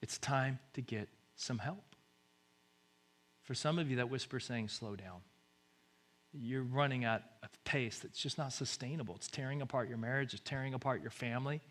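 A man delivers a sermon in a bright, forward voice. He builds to loud, urgent calls and then falls to soft, hushed lines, repeating short phrases for weight. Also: mid-range voice, fairly quick. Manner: swings from loud exhortation to hushed near-whisper. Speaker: pastor.

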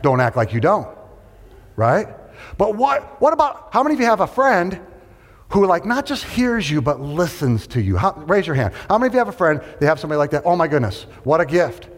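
Animated male pastor in a reverberant church. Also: fairly high pitch, a little fast. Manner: animated, conversational, joking with the congregation. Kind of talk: sermon. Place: church sanctuary.

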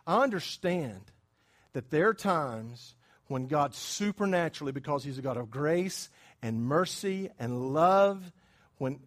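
A man preaching a sermon in a conversational way, often quizzing his congregation and swinging between hushed asides and loud emphatic bursts. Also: fairly high pitch. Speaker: pastor.

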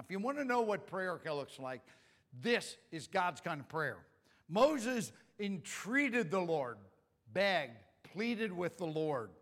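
High, bright-voiced male preacher in a hall. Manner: conversational and joking, acts out quoted lines. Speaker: pastor. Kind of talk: sermon.

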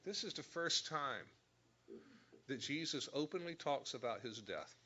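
A man's voice: mid-range voice, animated, a little slow, bright, forceful tone, muffled recording. A man teaching a Bible lesson, explaining verse by verse and stressing key words. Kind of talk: sermon.

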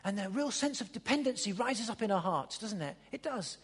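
A preacher delivering a sermon with a lively voice that swings widely up and down in pitch. The tone is slightly husky, and the preacher hammers home repeated phrases. The voice rings with the long reverb of a church hall. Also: a little fast. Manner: emphatic, repeats phrases, drops to a hush for emphasis.

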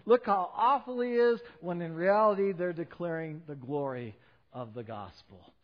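A middle-aged man pastor preaching a sermon, swinging between loud emphatic peaks and low quiet drops. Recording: dull sound with long hall reverb.

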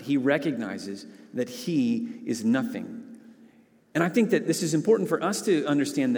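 A man's voice: mid-range voice, darkish tone, long reverb tail. A man preaching a sermon as a pastor, earnest, often repeating words and restarting phrases.

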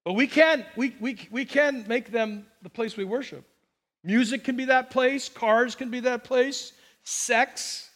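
High-voiced preacher in a reverberant hall. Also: male voice, unhurried. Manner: animated storytelling, jokey asides and acted-out quotes. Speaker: pastor. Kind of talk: sermon.

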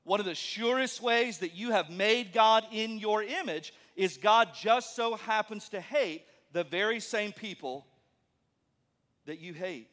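A man preaching a sermon as a pastor, animated, acting out the voices of the people he quotes. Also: high-pitched, unhurried, long reverb tail.

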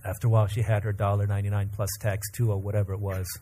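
A man preaching a sermon as pastor, calmly telling a family story and leading the congregation into prayer. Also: fairly low pitch, very fast, slight background noise. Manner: calm storyteller who acts out family dialogue.

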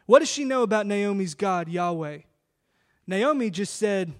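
A man's voice: high voice, animated, a little slow. A man pastor preaching an emphatic sermon full of rhetorical questions.

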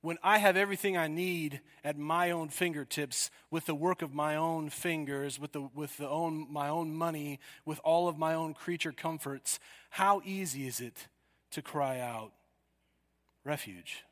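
A man preaching a sermon, telling a story with sudden loud cries. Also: a little high, normal speed, big-room sound.

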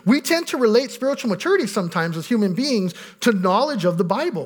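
A man preaching a sermon as pastor, animated, swinging between loud emphatic scripture reading and hushed asides. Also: high-pitched, quick pace, few pauses.

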